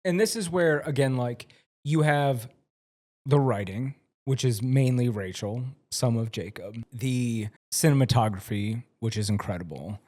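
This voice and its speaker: A man's voice: mid-range voice, measured pace, warm tone. A man co-hosting a casual show-review chat with his husband. He is enthusiastic and goes by gut feeling. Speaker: podcast co-host.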